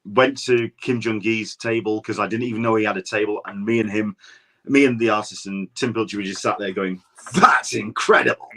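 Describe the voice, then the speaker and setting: A man's voice: lowish voice, steady tone, fairly quick. An English man, a guest podcaster, telling stories in casual chat, rambling with frequent restarts. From England. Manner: rambling anecdotal storyteller, many restarts.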